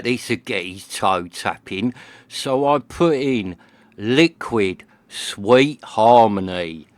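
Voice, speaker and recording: A man's voice: medium pitch, dry recording. A man from the UK, a hifi vlogger telling a chatty, slangy story about his night at home. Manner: chatty, slangy, acts out his friend's and his own lines. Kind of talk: casual storytelling monologue. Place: home living room.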